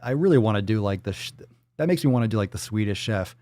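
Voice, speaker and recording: A man's voice: lowish voice, animated, fast, warm tone, no echo. Profane joking male livestream host. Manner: joking, profane and riffing off-the-cuff. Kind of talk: casual livestream chat, reading viewer donations.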